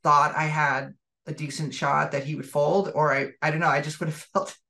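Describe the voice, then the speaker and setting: A woman's voice: low voice, flat delivery, normal speed, vocal fry, pushed and bright. A woman co-hosting a podcast, telling a story in a loose, rambling way full of fillers and restarts. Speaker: podcast co-host. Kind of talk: casual chat.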